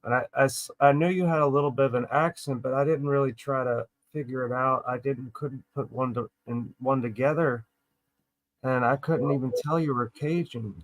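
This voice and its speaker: A man's voice: mid-range voice, steady tone, moderate pace, no room sound, rough recording. A man on a live panel talking casually, stopping and restarting a lot and laughing often. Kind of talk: casual chat.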